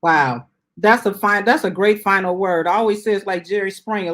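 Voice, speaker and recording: A woman hosting a casual livestream chat. She is chatty and animated and tags her sentences with "okay?". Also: mid-range voice, moderate pace. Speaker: host.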